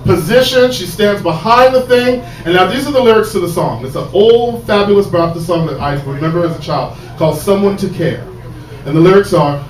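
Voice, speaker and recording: A man telling a stand-up comedy story, animated, swinging from quiet asides to shouted punchlines, on a stage. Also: high-pitched, brisk. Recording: roomy live stage sound from a distance, audible noise.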